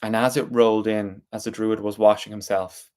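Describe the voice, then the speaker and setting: A man telling a story aloud, slow and deliberate with drawn-out pauses. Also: lowish voice, level tone, darkish tone. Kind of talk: spoken storytelling.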